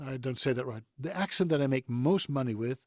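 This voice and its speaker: A man's voice: mid-range voice, lively intonation, a little fast, no echo, studio quality. A middle-aged man from the Netherlands with a neutral European English accent, chatting as a voice-actor guest over a video call in a chatty, digressive way. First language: Dutch. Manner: chatty and digressive, chuckles between thoughts. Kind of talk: conversational interview.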